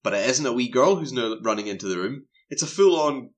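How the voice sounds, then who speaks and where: A man's voice: mid-range voice, expressive, fast. A man, co-hosting a casual film review chat and animatedly recapping scenes. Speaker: film podcast co-host.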